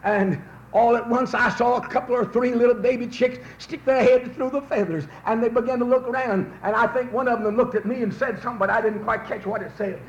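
Fervent high-voiced man preaching. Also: steady tone, brisk. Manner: folksy storytelling that builds to fervent shouting. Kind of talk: fiery revival sermon. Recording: roomy, dull old recording with faint hiss.

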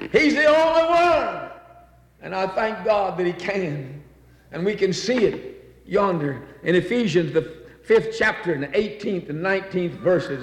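Male preacher, fervent sermon delivery, slightly high voice, roomy echo. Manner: fervent, rising to near-shouts on emphasis. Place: church.

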